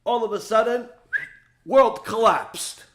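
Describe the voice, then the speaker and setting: A man giving a Torah lecture as a rabbi, telling stories in an animated way and acting out the dialogue. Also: high-pitched, slow, slight background noise. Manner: animated storytelling, acts out dialogue.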